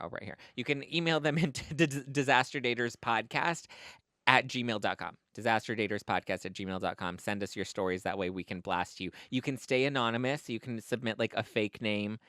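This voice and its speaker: A man's voice: mid-range voice, brisk, pushed and bright, no echo, studio quality. A man co-hosting a podcast in a sassy, gossipy casual chat. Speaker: podcast co-host.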